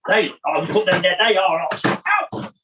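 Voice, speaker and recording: A man's voice: high-pitched, fairly quick, noisy background. A man, a podcast guest talking in a chatty, rambling, self-deprecating way. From United Kingdom. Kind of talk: casual chat.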